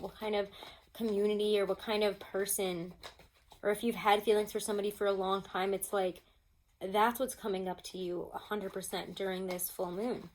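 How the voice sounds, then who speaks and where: A woman's voice: medium pitch, a little mellow, slight background noise, rough recording. A woman giving a casual tarot reading at home, talking chattily to her viewers with many fillers. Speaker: tarot reader. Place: home with pets nearby.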